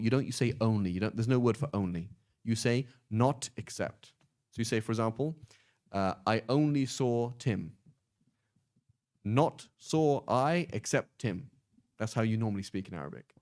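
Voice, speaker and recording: English guy teaching arabic grammar, low voice, kinda pedantic, lots of quick examples. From England. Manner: pedantic, explains with lively examples. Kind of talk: online class teaching.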